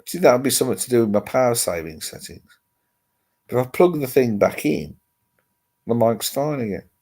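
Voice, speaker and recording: A man's voice: medium pitch, animated, moderate pace, a little mellow. A man hosting a casual livestream chat, rambling and chatty with mild swearing, talking into a laptop mic at home. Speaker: livestream host. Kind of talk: casual chat with live viewers. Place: home, seated with laptop on lap. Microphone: laptop microphone.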